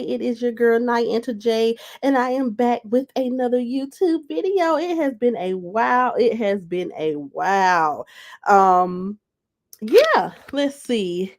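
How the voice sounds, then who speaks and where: A woman's voice: a little high, lively intonation, slow pace. A young woman with a cold, chatting casually and animatedly to viewers on a live stream, repeating phrases and greeting people by name. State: has a cold. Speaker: YouTuber live-streaming to her audience.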